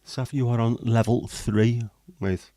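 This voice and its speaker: A man's voice: mid-range voice, fairly even intonation, takes it slowly, mellow, no echo. A man hosting a livestream, rambling and joking as he chats to viewers. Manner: rambling, jokey, chatting to viewers. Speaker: livestream host. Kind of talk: casual livestream chat.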